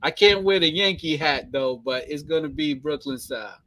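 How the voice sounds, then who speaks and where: A man's voice: fairly high pitch, moderate pace, bright, forceful tone. A man with a thick New York accent hosting a casual live stream, chatting playfully and reading viewer comments aloud, repeating phrases and chuckling often.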